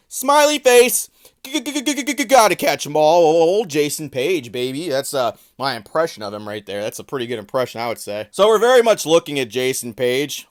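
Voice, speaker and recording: A man giving sarcastic, profane commentary on trading card listings in a casual vlog. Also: mid-range voice.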